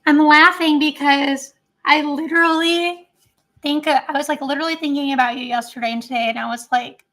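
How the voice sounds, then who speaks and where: A woman's voice: high voice, fairly even intonation, a little fast, fairly bright tone. A woman chatting casually on a live stream at home, rambling and giggly as she tries snacks. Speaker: vlogger.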